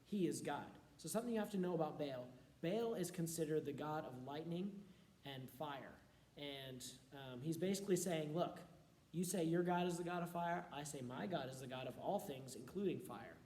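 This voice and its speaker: A man with a slightly high but mellow voice reads scripture aloud to a youth group. He stops often to explain the passage in quick, casual asides. The sound is roomy and echoing. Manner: reads aloud steadily, then breaks into quick, offhand explanations. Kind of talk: scripture reading with casual commentary. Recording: roomy echo.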